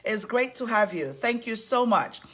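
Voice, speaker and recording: A woman with a fairly high voice hosts a live online talk series. She is effusive and upbeat, greeting viewers one by one as they join. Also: animated, normal speed, a bit bright. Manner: effusive and upbeat, repeatedly welcoming people. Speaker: host of an online civility series.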